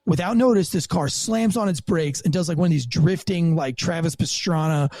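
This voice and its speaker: A man telling a profane, animated story from his rookie years as a police officer, as a podcast guest. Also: fairly high pitch, moderate pace, no room sound. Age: young adult. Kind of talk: casual storytelling interview.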